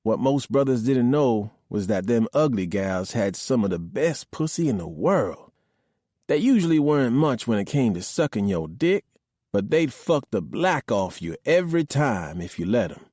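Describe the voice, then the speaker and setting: A man's voice: mid-range voice, big pitch swings, moderate pace, mellow, no room sound, clean studio sound. Swaggering male audiobook narrator.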